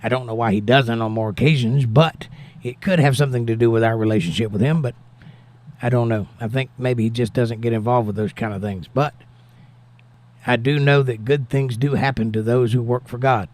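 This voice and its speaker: On a casual livestream, a man reads viewer comments aloud and replies with a prayerful touch, thanking God. His voice is medium-pitched, a little mellow, and fairly quick.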